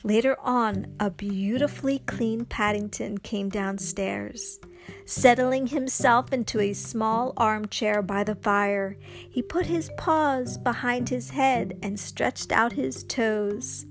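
A woman reading a children's story aloud, expressive and lively. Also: fairly high pitch, slow pace, soft background music.

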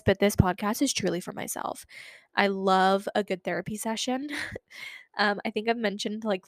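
A woman's voice: mid-range voice, dry recording, clean studio sound. A young woman in her twenties hosting a solo podcast, talking in a chatty, rambling way with lots of fillers. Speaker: podcast host.

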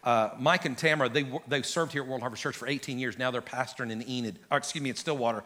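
A middle-aged pastor preaching an animated sermon to his church, calling out to the congregation and building to shouts. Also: medium pitch, fast. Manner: animated, preaching with rising shouts and audience call-outs. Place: large church sanctuary.

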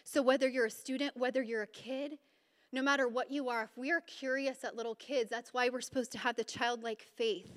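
A woman giving an informal, conversational sermon at a Bible study, animated and chatty, with sudden bursts of emphasis. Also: on the high side, a little fast. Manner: informal and chatty, with fillers and restarts. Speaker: women's Bible study speaker. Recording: reverberant hall sound.

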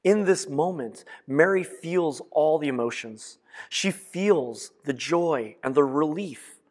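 A man preaching a sermon, retelling a story in a reflective way that swings between soft and emphatic. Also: fairly high pitch, lively intonation, slow pace. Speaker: pastor. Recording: long echoing reverb.

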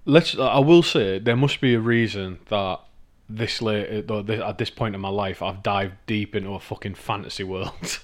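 A man from northeast England, with the region's accent and a voice on the low side, co-hosts a podcast at normal speed. The chat is casual and rambling, and he swears and laughs often.

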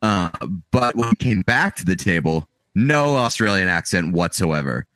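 A man's voice: low-pitched, big pitch swings, normal speed, fairly bright tone, no room sound, studio quality. A man with a Boston accent co-hosting a casual podcast, telling stories in a wry, laid-back way. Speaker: podcast co-host. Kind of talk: casual chat. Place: remote from co-host, snowstorm.

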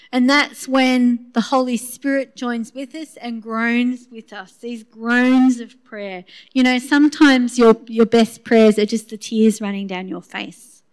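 A woman delivers a sermon at a church service, her voice sitting a little high. She talks in an earnest, conversational way, often restarting her sentences as she goes. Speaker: preacher.

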